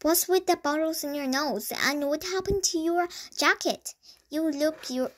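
A bossy female storybook mouse who snaps and scolds in a high, sharp voice, played by a woman reading. She sounds impatient and in charge. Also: unhurried. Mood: exasperated. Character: bossy shrieking female mouse, his sister.

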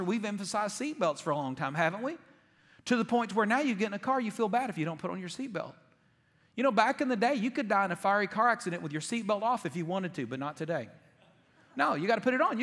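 A man with a high, bright-toned voice preaches in a joking, chatty storytelling way. His voice rings with the long reverb of a large church hall, and he keeps things light and self-mocking. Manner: jokey, conversational storytelling. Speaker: pastor. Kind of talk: humorous sermon. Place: church auditorium.

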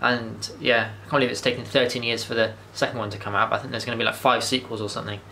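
A man's voice: mid-range voice, flat delivery, fast talker, gravelly, bright, forceful tone, slight background noise. A man, rambling enthusiastically through a casual movie review monologue, with frequent restarts and swearing. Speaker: vlogger.

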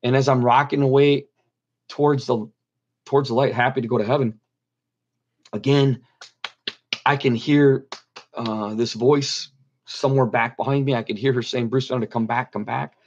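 A man's voice: mid-range voice, fairly even intonation, moderate pace, long pauses, a little mellow, highs cut off, a little hiss or hum. A middle-aged man earnestly telling a personal story as an interview guest, repeating phrases for emphasis. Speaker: guest telling his near-death story.

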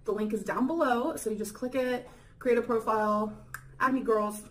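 A woman vlogging casually to camera, chatty and excitable with frequent giggles. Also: a little high, normal speed, rough recording.

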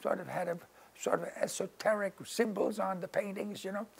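Gravelly older man telling stories. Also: sits high, steady tone, fairly quick. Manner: rambling, full of "you know" and "you see". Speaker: interviewee, painter. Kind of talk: casual anecdotal storytelling. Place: his art studio.

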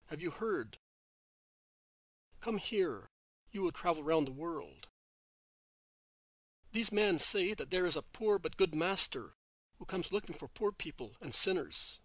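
A blunt, gossiping innkeeper, read by a man with a bright, slightly high voice. He talks freely, and the recording is dry and close. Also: no echo, exaggerated voice. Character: blunt, gossiping male innkeeper, scornful of rich rabbis.

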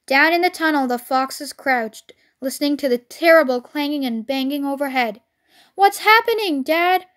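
A woman's voice: high-pitched, moderate pace, fairly bright tone. A woman reading a children's storybook aloud expressively, as a storyteller.

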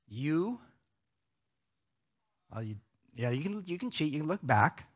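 A male pastor delivering a conversational sermon in a cinema auditorium, often checking in with the audience with a quick "right?". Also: fairly high pitch, very animated.

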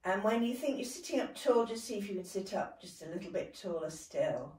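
A young British woman leading a gentle seated movement session. She laughs often and talks in an encouraging way. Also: medium pitch, lively intonation, a little fast. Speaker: dance and movement workshop leader. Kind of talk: gentle guided exercise session. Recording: echoey room, voice from a distance.

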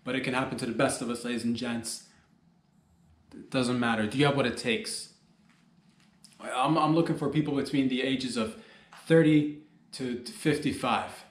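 A man's voice: medium pitch, fairly even intonation, normal speed, pauses often, reverberant. A man hosting a solo comedy podcast, rambling and joking as he talks straight to his listeners.

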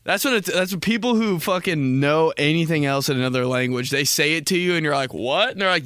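A man's voice: fairly high pitch, a little fast, hardly any pauses, fairly bright tone, clear, resonant tone, dry recording, clean studio sound. A man hosts a podcast, rambling through a comedic monologue, laughing often and acting out quotes in exaggerated voices. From Indiana, United States. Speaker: podcast host.

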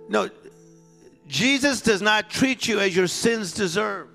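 A male preacher with a high, gravelly voice delivers a sermon, at times calling out loudly and at times dropping to a hushed storytelling tone. His delivery is unhurried, and soft piano music plays behind him. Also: animated. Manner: swings between loud exhortation and hushed storytelling.

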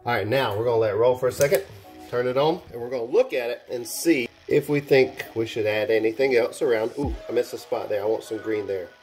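A man hosting a hands-on craft tutorial, chatting casually and gushing with excitement as he works. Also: medium pitch, a little fast, soft background music. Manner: enthusiastic, gushing, exclaims while working. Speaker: airbrush artist and channel host.

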